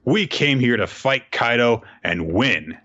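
A man's voice: mid-range voice, expressive, slow, a bit bright. Man doing a young pirate captain, defiant and rousing, lo-fi sound. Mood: resolute.

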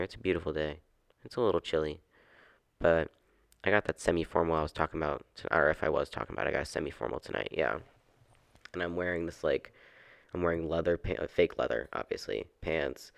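A man's voice: very deep voice, gravelly, dry recording, clean studio sound. A young man hosting a solo podcast from his couch, rambling casually, swearing and getting worked up. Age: young adult. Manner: rambling, swearing, quickly exasperated. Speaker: podcast host. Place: at home on a couch. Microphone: podcast microphone.

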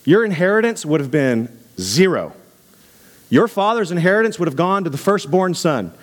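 A man preaching to a congregation, animated and conversational, dropping low for asides. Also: normal speed. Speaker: pastor. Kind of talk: sermon.

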